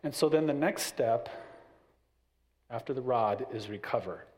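A man's voice: mid-range voice, a little slow. A middle-aged man talking casually about raising children, acting out little family scenes as he goes. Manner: animated, acts out little scenes with family voices. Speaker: parent giving parenting advice. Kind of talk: casual talk.

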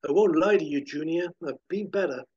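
A man voicing a tough, sardonic male detective who is gruff, sarcastic and swears. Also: a little high, fairly quick, mellow, dull audio.

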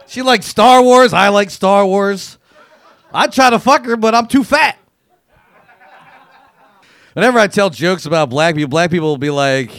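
Guy doing raunchy standup, high gravelly voice, swings all over, dry sound. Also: lively intonation, normal speed, a bit bright, no echo. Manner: crude, profane, riffing with acted-out quotes. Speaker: comedian. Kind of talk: stand-up comedy routine.

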